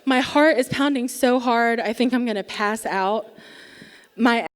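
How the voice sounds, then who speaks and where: A young woman with a slightly high voice spins a wry, self-mocking story from a theatre stage. She takes her time, leaning on deliberate pauses for comic effect. Her voice carries a long reverb off the big hall around her. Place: theatre stage before a live audience.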